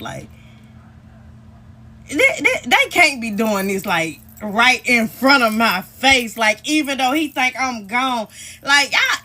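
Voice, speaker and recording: Young woman vlogger, high and very lively voice, swearing storytime rant aimed at viewers. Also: takes it slowly, a little hiss or hum. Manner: animated, profane, addresses viewers directly.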